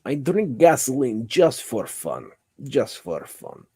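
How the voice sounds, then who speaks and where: A man's voice: medium pitch, wildly swooping pitch, slow pace, mellow, husky, voice pushed up, exaggerated voice. A man voicing a brash, fiery male dragon with a put-on Russian accent and clipped, boastful phrasing. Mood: menacing boast.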